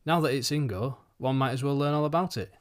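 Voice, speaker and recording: A man's voice: mid-range voice, quick pace, lightly acted. A man voicing a reserved young farmer's son who speaks in an offhand, matter-of-fact way.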